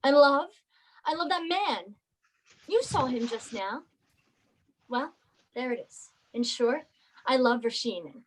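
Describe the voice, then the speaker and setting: An actress playing a tormented sister who makes an urgent, emotional confession of a secret love. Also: female voice, sits high, expressive, slow pace, long pauses, heavily acted. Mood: confessing. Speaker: student actor. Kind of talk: stage drama monologue.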